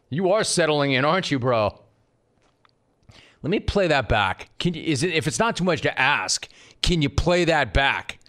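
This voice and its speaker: A man hosting a sports talk radio show, riffing in an animated way and mock-scolding his producer. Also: on the high side, normal speed.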